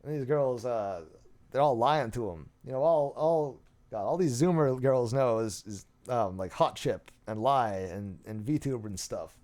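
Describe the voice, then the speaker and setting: A man's voice: medium pitch, a little slow, darkish tone. A man hosting, reading messages aloud with dry, sarcastic, mock-serious commentary. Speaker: host.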